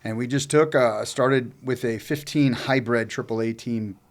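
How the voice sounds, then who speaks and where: A man's voice: mid-range voice, fairly even intonation, unhurried. A man telling a long personal story in casual chat, rambling and profane, with many fillers and restarts. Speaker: co-host telling his own story.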